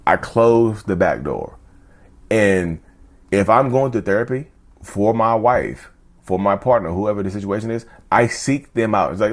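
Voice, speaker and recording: Earnest man talking straight to camera. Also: moderate pace. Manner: earnest, repetitive, keeps asking "you see what I'm saying"; jumps sharply up in pitch for emphasis. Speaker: YouTube channel host. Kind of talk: casual talk to camera.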